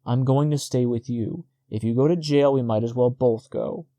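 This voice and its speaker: A man voicing an uneasy young husband who speaks quietly with worried strain. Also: medium pitch, normal speed, no room sound, close to an everyday voice.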